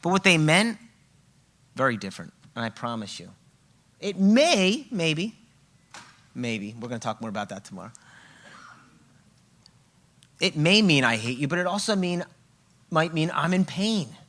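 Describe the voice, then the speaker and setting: Bright-voiced man leading a parenting workshop. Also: a little high, big pitch swings, a little slow, pauses often. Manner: emphatic, often checking in with "okay?" and "right?". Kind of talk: live workshop talk to an audience. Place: room with a live audience.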